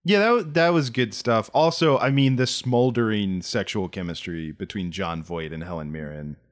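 A man co-hosting a podcast in casual chat, talking in quick animated bursts with frequent restarts. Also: lowish voice. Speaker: podcast co-host.

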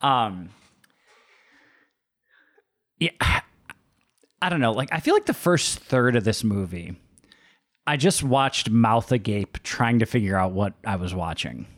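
A man chats on a movie podcast in a wry, laid-back way, rattling off facts with many pauses and fillers. His voice sits in a dry, close recording with no room sound. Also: on the low side, expressive, no room sound. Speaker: podcast co-host. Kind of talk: casual movie review chat.

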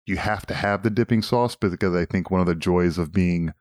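A man's voice: sits low, a little fast, darkish tone, no echo. A man co-hosting a casual talk show, rambling, swearing and enthusiastic. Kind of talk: casual chat.

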